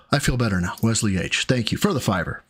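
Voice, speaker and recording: A man's voice: lowish voice, animated, moderate pace, a bit bright, breathy edge. A man hosting a live stream, reacting to clips with profane, sarcastic anger and thanking viewers. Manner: profane, angry ranting with sarcasm. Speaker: streamer host.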